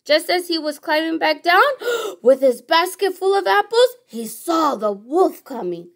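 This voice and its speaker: A woman teacher reading a children's storybook aloud, expressive and asking little questions along the way. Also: extremely high pitch, measured pace. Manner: expressive, gasping with surprise, asks questions.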